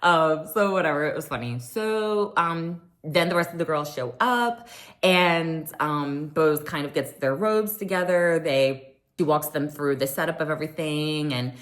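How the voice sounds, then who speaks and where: In an unhurried, deep voice with a slightly bright quality, a woman gives a chatty reality show recap. She uses lots of filler "um"s and likes to act out quotes from the people involved.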